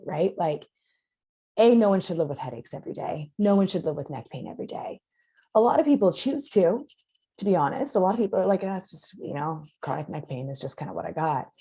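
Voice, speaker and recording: A woman clinician explaining her approach in a podcast interview, earnest and direct, her voice going hoarse as she talks. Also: mid-range voice, warm tone. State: losing her voice. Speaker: concussion clinician guest.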